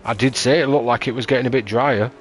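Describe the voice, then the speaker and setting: A man commentating a sim racing league race, calling tyre strategy in a steady, analytical way. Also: mid-range voice, quick pace, a little hiss or hum.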